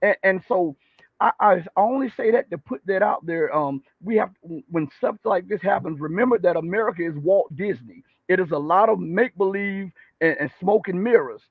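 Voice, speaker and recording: High-voiced man on a tinny phone line. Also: moderate pace, dry recording. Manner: meandering, many ums. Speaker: host. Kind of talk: casual political chat.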